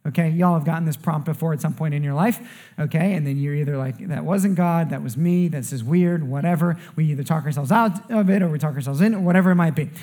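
A man's voice: a little high, fast talker. A man, a pastor, preaching a sermon and telling stories to his church, often checking in with "okay?" and "right?". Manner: storytelling with rising excitement and frequent "okay?" asides. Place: church service.

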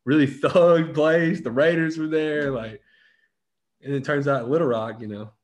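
A man's voice: medium pitch, normal speed. Chatty man asking follow-up questions. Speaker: podcast co-host. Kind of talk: casual chat.

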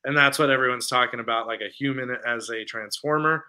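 A man's voice: mid-range voice, a little fast. A man co-hosting a podcast, chatting casually and animatedly about a film he saw. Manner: animated retelling, acts out lines from scenes; conversational with many fillers. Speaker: podcast co-host reviewing films. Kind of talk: casual chat.

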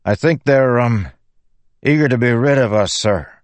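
Brief: lithe male servant, polite and halting, higher voice, voiced by a male narrator. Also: no echo, close to an everyday voice. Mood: hesitant. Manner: hesitant, polite.

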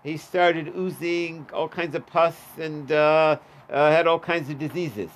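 A man's voice: a little high, fairly even intonation, unhurried. A man teaching a Talmud class, reading the Aramaic and translating it in a casual, chatty way. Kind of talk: daf yomi Talmud class.

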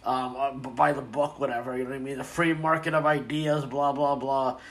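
Male host, casual profane rant, rambling delivery, average pitch. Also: flat delivery, a little fast, a bit bright. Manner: rambling, profane, many fillers and restarts. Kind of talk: casual ranting commentary.

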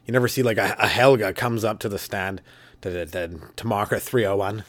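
A man's voice: on the low side, steady tone, a little fast, dry recording. A man riffing loosely as a comedy podcast host, rambling and profane and chuckling often. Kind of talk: improvised stand-up riffing.

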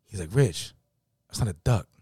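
A man with a Californian accent, telling an animated, slang-filled story in casual chat. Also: fairly low pitch, moderate pace, slightly rough, dry recording, clean studio sound. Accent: Californian English.

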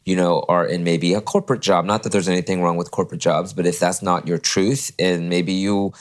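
A man in his forties from California, a podcast guest telling his personal story in an animated way and acting out the people he quotes. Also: fairly quick. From California, USA. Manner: animated, acts out quoted people with sudden high voices.

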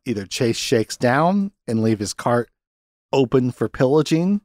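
A young man hosting a podcast, recapping a movie in casual chat, animated and sarcastic, laughing often. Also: mid-range voice, unhurried, no room sound, studio quality. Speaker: podcast host.

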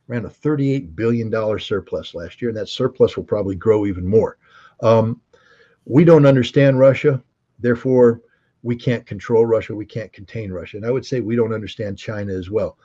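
A man's voice: mid-range voice, a little fast, mellow, husky, dull audio. A man giving casual political commentary, emphatic and full of rhetorical questions, often restarting his sentences. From United States.

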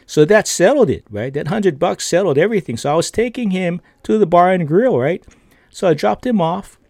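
A man's voice: on the high side, a little mellow, no room sound, clean studio sound. A man hosting a podcast, telling a casual story in a rambling way, with lots of fillers, tag questions and laughs between lines. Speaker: podcast host.

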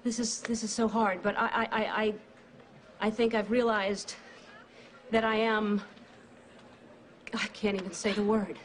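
A woman's voice: medium pitch, level tone, a little slow, long pauses, slight background noise, close to an everyday voice. A woman playing a stammering, anxious woman coming out. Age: 30s. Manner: stammering, searching for words. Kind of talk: 1990s sitcom acting. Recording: sitcom clip with studio audience. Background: studio audience laughter.

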